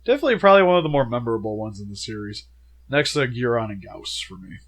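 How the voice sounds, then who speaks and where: A young man co-hosting a casual movie review, chatty and animated with lots of filler words, feeling sick. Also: mid-range voice, fast talker. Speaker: co-host of a movie review show.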